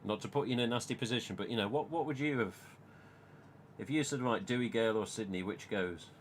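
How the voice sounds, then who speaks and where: A man's voice: mid-range voice, fast talker, a little hiss or hum. Swearing English man in his forties. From England. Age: 40s. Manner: animated, swears a lot, quotes himself. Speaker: host. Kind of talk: casual live-stream chat.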